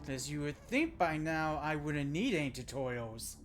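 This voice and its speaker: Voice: medium pitch, lively intonation, normal speed, faint music behind. A game streamer chatting casually with viewers during a live stream, laid-back and chuckling now and then. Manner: chatty, talks to chat viewers. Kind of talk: casual live-stream chat while playing.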